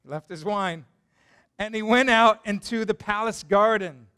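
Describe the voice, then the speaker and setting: A man preaching a sermon as a pastor, retelling a Bible story in an animated, conversational way and putting questions to the listeners. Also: high-pitched, unhurried, clear, resonant tone.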